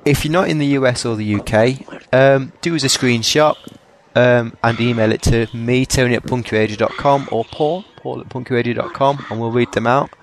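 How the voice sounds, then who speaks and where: A man's voice: medium pitch, fairly even intonation, a little fast, slight background noise. A man co-hosting a music podcast, reading sponsor spots and plugs in an easygoing way. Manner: easygoing, laughs through reads. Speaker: podcast co-host reading ads. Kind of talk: casual radio banter and ad reads. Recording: loud music behind.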